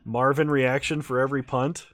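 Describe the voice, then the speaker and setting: A man's voice: medium pitch, normal speed, no room sound, studio quality. A man streaming a card game with casual commentary, laughing often and a little tipsy after a few beers. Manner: laughs often, relaxed and chatty.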